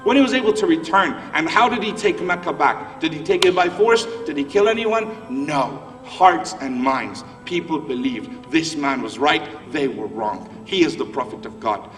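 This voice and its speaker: Man, high voice, impassioned sermon, far from mic. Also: lively intonation, normal speed, hardly any pauses, fairly bright tone. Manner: impassioned, rising and falling delivery. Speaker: preacher. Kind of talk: emotional sermon. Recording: distant speaker in a reverberant hall with music.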